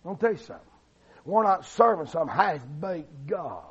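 A man preaching a fiery revival sermon, swinging between loud shouting and low, quiet delivery. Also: expressive, moderate pace, husky. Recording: dull lo-fi recording.

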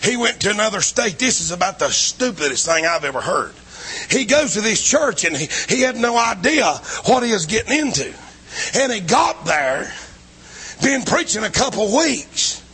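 A man preaching a revival sermon in a church, swinging between shouting and low, hushed lines. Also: sing-song, moderate pace, husky. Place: church building.

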